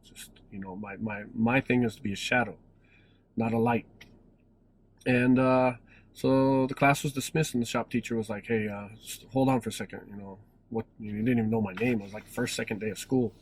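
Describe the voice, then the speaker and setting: A man's voice: mid-range voice, steady tone, moderate pace, a little hiss or hum, rough recording. A man in his forties telling a personal story in a casual, rambling way, with many restarts and self-corrections. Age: 40s. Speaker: vlogger.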